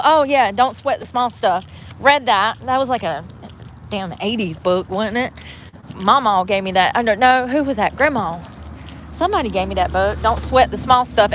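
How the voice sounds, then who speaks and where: A woman's voice: medium pitch, a bit bright, a little hiss or hum. Woman with a drawl, chatty and rambling on a phone livestream, faint ambience behind her. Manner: rambling, chatty, talks to viewers while out on errands. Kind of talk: casual live-stream chat.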